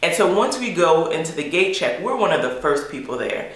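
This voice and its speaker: A woman vlogger with a low-pitched voice talks briskly and very animatedly, casually telling a story to her camera. She is chatty and fills her speech with "like," recorded on a camera mic in an echoey room.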